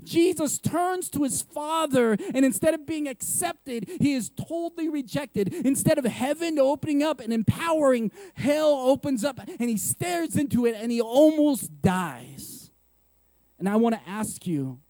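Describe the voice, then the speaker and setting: A man preaching a sermon, repeating words for emphasis and firing off rhetorical questions, going from loud and punchy to hushed. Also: very high voice, expressive, unhurried, no room sound. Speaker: pastor.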